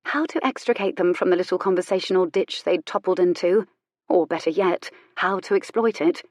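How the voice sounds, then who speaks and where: A woman narrating a historical romance audiobook in a measured, expressive way. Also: lowish voice, no room sound. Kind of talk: scripted narration.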